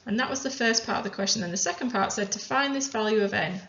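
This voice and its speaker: A woman chemistry teacher calmly talking through worked examples step by step. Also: mid-range voice, quick pace. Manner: methodical, talks through each step aloud. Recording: roomy, dull lo-fi sound.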